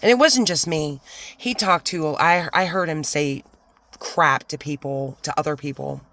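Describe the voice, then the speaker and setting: A woman's voice: sits low, measured pace, a bit bright. A woman vlogger rants her way through a storytime about a bad old job. She talks casually and heatedly, and drops now and then into whispered asides. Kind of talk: storytime rant.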